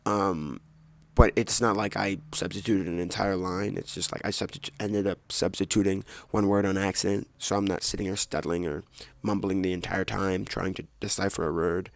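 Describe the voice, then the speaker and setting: A man with a low-pitched, gravelly voice hosts his own podcast from home, speaking at normal speed in a steady tone into a close desk microphone. He chats casually and rambles, correcting himself and making jokey asides, in a dry recording.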